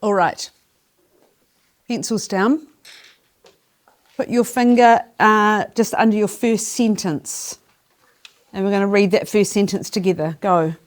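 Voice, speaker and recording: A woman leads a young class through a spelling lesson, her voice clear and encouraging. She talks in a steady middle pitch, giving short instructions and counting the children in. She is recorded in a classroom. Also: slow, long pauses. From New Zealand. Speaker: primary school teacher. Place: primary school classroom.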